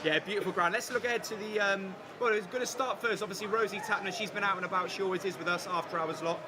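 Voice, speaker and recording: A man's voice: sits high, steady tone. A male host in casual chat, bantering jokily with his guests outdoors at a racecourse. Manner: quick, jokey banter. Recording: loud crowd noise around. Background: loud crowd.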